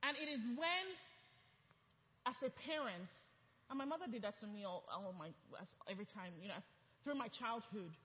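A woman pastor, preaching a sermon with impassioned force that builds to shouted declarations. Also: a little high, lively intonation, moderate pace, pauses often. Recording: dull, echoey church hall recording.

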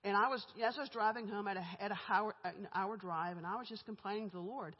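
Talking fast in a mid-range, slightly rough voice, a middle-aged guest speaker recounts her own life as a conversational church testimony. She's candid and chatty, laughing between lines. The echoey hall of the church sanctuary leaves the recording muffled.

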